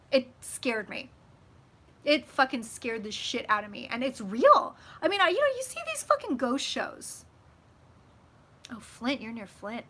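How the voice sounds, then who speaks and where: A woman chatting casually with her viewers on a live stream, swearing freely and swinging loud and soft as she talks. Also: fairly high pitch. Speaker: psychic vlogger hosting a live stream.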